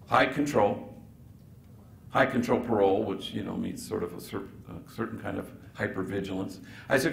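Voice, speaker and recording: A man with a gravelly, mid-pitched voice tells a story from the stage, acting out each character's lines with playful asides. The sound is echoey, as if caught in a large event hall, with a faint hiss behind it. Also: normal speed. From Los Angeles. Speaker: priest giving a keynote address. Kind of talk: storytelling keynote speech.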